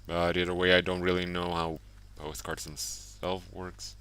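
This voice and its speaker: A man with a low, smooth and resonant voice gives casual commentary over a horror game. His tone is bright and clear, and he muses aloud in a relaxed way as he reads the game's text. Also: measured pace. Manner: muses aloud, laughs at his own jokes. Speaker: let's play streamer.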